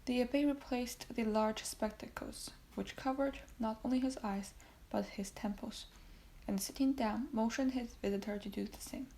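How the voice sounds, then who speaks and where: High, gravelly woman reading a classic novel. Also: dark tone, a little hiss or hum, rough recording. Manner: reads classic prose, with whispered passages and self-corrections. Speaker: audiobook reader. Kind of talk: amateur audiobook reading.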